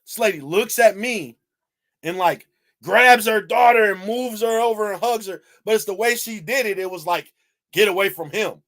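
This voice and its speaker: A video commentator, a man from Michigan, gives casual, animated reaction commentary, peppering it with rhetorical questions and plenty of swearing. His voice sits high and moves at a normal speed.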